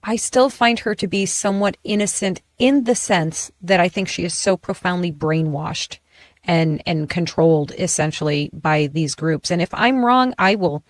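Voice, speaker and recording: A woman hosting a political commentary chat show, talking in an animated way and often stopping to restart her sentences. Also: lowish voice, normal speed, no room sound. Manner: animated, self-interrupting, frequent restarts. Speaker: host.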